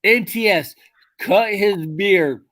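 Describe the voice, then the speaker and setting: Drunk, profane livestream host. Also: male voice, sits high, slow pace, slight background noise. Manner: loud, profane, laughing. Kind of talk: livestream chat.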